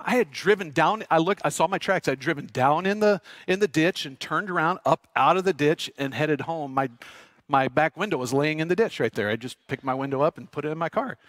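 A middle-aged man preaching a sermon, telling a lively personal story and asking the congregation questions. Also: a little high, no room sound. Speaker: pastor. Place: church sanctuary.

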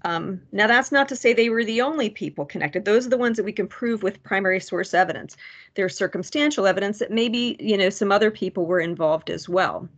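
A woman presenting research at a public commission meeting, halting, with many fillers and restarts. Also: medium pitch.

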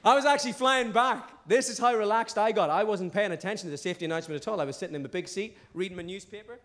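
A man's voice: high voice, racing, a bit bright. A man in his thirties with a Northern Irish accent doing a cheeky, brash live stand-up routine on a theatre stage. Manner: brash, cheeky storytelling with swearing. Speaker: stand-up comedian.

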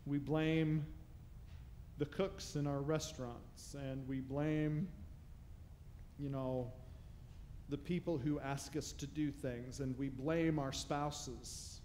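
A man's voice: medium pitch, darkish tone, a little hiss or hum. A male pastor preaching a sermon in a church, conversational and humorous, with rhetorical questions. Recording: long reverb of a large hall.

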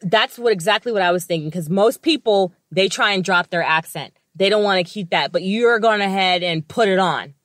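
A woman's voice: medium pitch, normal speed, hardly any pauses, fairly bright tone, dry recording, clean studio sound. An American woman co-hosting a podcast, chatty and opinionated, with casual swearing. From United States. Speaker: podcast co-host. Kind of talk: casual chat.

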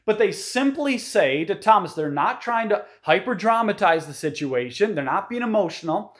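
Man, high voice, pastor delivering an emphatic, explanatory sermon. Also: lively intonation, moderate pace, fairly bright tone.

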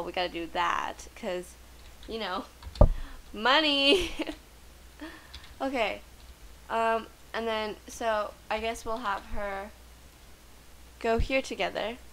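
A woman giving chatty, excitable commentary while playing a life-simulation game. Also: a little high, slow pace, pauses often, slight background noise, rough recording. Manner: chatty, excitable, gasps and laughs often. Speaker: let's play gamer. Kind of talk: casual gameplay commentary.

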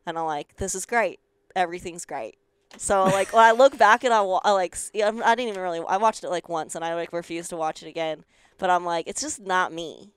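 A young woman from rural Colorado with a country twang, telling stories as an interview guest in an animated, sarcastic way, swearing freely and acting out the people she quotes. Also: lowish voice, fast, clear, resonant tone, no room sound. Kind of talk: casual interview storytelling.

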